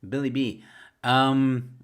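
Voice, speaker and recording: A man's voice: medium pitch, completely flat delivery, slow pace, fairly bright tone, clear, resonant tone. A man, a stand-up comedian, chatting casually on a home livestream, rambling with lots of fillers and restarts. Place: his home. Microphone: webcam or desk mic at home.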